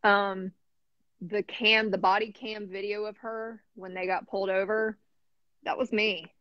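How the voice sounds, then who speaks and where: A woman's voice: mid-range voice, flat delivery, measured pace, no room sound, dull audio. Earnest woman guest, emotional. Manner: earnest, emotional, interjects briefly. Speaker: guest author. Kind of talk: casual interview chat.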